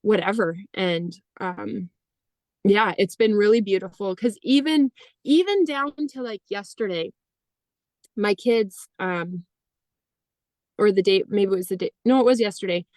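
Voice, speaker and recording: A woman in her thirties telling a personal story in conversation, animated, quoting herself and others and saying "like" often. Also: medium pitch, a little slow, no room sound. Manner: animated, heavy use of "like", acts out quoted dialogue. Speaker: podcast guest.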